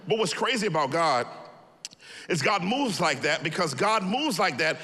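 A man pastor preaching a sermon, telling stories with humor in an animated way. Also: high voice, moderate pace, long reverb tail.

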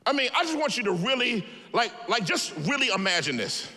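Lively high-voiced preaching man. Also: a little fast, big-room sound. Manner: animated storytelling preaching with humor. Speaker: pastor. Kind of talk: sermon.

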